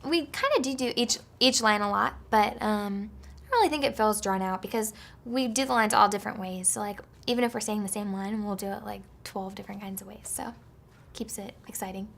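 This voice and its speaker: Woman with vocal fry, chatty. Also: medium pitch, brisk, a bit bright. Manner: chatty, full of fillers like "like" and "um". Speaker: actress interviewed about voice work. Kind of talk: casual interview chat.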